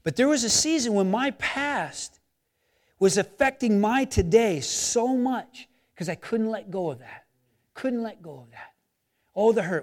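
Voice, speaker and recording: High-voiced animated male pastor preaching. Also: moderate pace. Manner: animated, conversational preaching that acts out imagined inner voices; swings between loud emphasis and quiet, intimate asides. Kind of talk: sermon.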